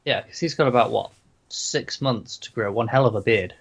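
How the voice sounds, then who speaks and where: A man's voice: mid-range voice, normal speed, vocal fry, slightly rough. A man co-hosting a casual TV review chat, tossing in dry, sarcastic asides. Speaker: podcast co-host reviewing TV.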